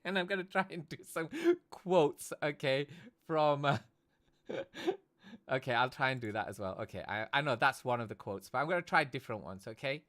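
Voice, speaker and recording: Chatting through a relaxed live stream, a British esports commentator and streamer ends almost every phrase with "okay?". He speaks at a normal speed with a medium pitch and a fairly bright tone.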